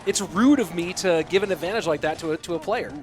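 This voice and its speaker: High-voiced American esports caster. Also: male voice, fast. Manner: chatty, reads out and answers viewer chat. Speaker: esports commentator. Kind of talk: live game commentary. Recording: music behind the voice.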